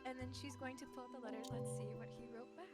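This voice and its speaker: Giggly woman player over loud music. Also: high-pitched, steady tone, quick pace. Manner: giggly, chatty, describes actions with lots of "like". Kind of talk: casual role-play narration.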